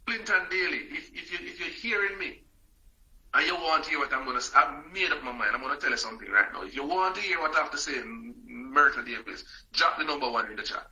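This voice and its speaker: A man's voice: on the high side, animated, quick pace, pushed and bright, rough recording. A man hosting a motivational live stream, emphatic and repetitive, calling out viewers by name.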